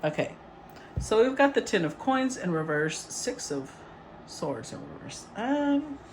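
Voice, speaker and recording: A woman giving a casual, rambling tarot reading, chatty and quick to laugh. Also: a little high, sing-song, darkish tone, slight background noise. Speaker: tarot reader.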